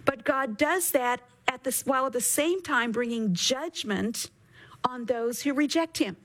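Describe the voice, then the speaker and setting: A woman with a fairly high voice gives a radio Bible teaching. She reads the scripture slowly, leaning on each phrase, then explains it in an earnest, steady way. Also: poor audio. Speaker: Bible teacher and show host.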